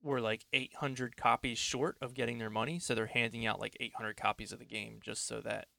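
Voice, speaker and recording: Gravelly, bright-voiced man co-hosting a podcast. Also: medium pitch, little pitch movement, brisk, no echo. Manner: self-deprecating, rambling, laughs easily. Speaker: podcast co-host. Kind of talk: casual podcast chat. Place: at home.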